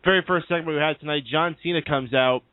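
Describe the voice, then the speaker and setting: Fast-talking host on a tinny line. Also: male voice, a little high, smooth, no room sound. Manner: upbeat, announcer-like, quick. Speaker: lead host. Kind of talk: internet radio post-show chat. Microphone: internet call. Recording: dry tinny call audio.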